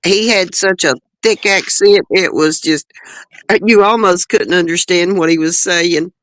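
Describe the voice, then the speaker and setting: Slow-talking Southern woman. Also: on the low side, a bit bright, no room sound, low-quality recording. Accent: Southern American. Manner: drawn-out, unhurried, chuckles between remarks. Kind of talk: casual panel chat.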